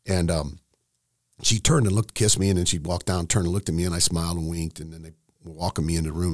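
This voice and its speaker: A middle-aged man tells a personal story candidly and emotionally, with halting restarts. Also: low-pitched, steady tone, no room sound, clean studio sound. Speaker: estate planning seminar host, guest.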